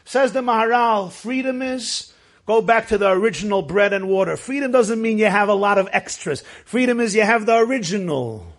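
Brief: high-pitched male Torah teacher, emphatic, storytelling delivery with Yiddish and Hebrew phrases. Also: lively intonation, a little fast. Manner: emphatic, rises to shouts for stress. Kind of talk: Torah class lecture.

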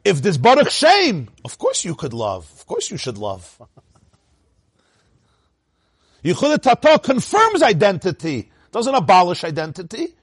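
Animated husky man teaching a class. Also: slow pace, pauses often, dry recording, studio quality. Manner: animated, laughs often, swoops up into a high voice.

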